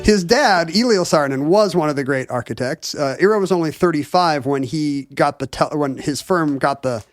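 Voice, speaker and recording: A man's voice: a little high, lively intonation, moderate pace, soft background music. A man co-hosting a podcast, telling a history story in a joking, playful way and laughing often. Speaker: podcast co-host. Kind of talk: casual chat, storytelling.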